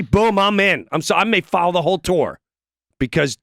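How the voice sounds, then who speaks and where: A middle-aged man tells a story with a lot of energy, throwing his voice into the people he quotes. His pitch swings up and down a lot over a fairly high register. The studio sound is close and dry. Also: normal speed, no room sound. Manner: acts out voices in his stories, lively and excitable. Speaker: comedian guest. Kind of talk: animated storytelling.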